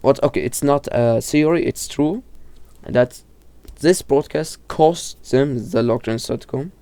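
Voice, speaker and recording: A man's voice: medium pitch, measured pace, dark tone, no echo. A man casually explaining horror lore, often stumbling, restarting and correcting himself, with lots of fillers. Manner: informal, filler-heavy delivery.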